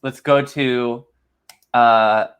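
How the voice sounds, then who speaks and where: A man hosting a casual podcast, recapping scenes in a relaxed, loose way. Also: mid-range voice, very slow, smooth.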